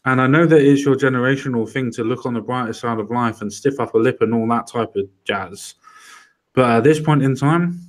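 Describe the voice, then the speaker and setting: A man chatting on a commentary show in a blunt, ranting way, swearing freely as he makes his point. His voice sits at a middling pitch and he talks at an everyday pace. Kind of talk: casual commentary chat.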